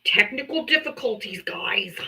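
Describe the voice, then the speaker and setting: Female streamer, 40s, bright animated voice, frustrated and laughing at her phone. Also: mid-range voice, normal speed. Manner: exasperated, laughing, swearing. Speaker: livestream host. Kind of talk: casual livestream chat.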